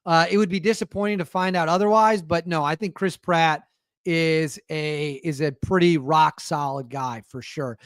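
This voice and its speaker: A man hosts his own show, his fairly high voice moving at normal speed with fairly even intonation. He rambles through sarcastic casual commentary, often stopping himself mid-sentence. The recording is dry and studio quality.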